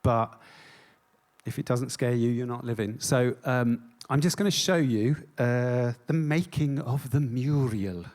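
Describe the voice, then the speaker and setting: A man's voice: medium pitch, a little slow, a little mellow. A man giving a stage talk as an artist. He is self-deprecating and jokey, with many ums. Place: on stage before an audience.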